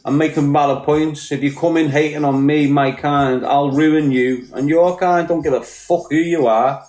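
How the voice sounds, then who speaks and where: A man's voice: fairly high pitch, fairly even intonation, moderate pace, darkish tone, echoey room. A man with a Liverpool accent ranting bluntly on a podcast, combative and full of swearing. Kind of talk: heated podcast rant.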